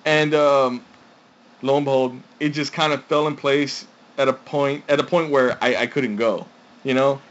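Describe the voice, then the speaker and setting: A man's voice: medium pitch, steady tone, normal speed. A man co-hosting a casual podcast, telling stories and acting out quotes with frequent laughs. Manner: chatty storyteller, laughs often, acts out quotes. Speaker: podcast co-host. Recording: dull lo-fi sound.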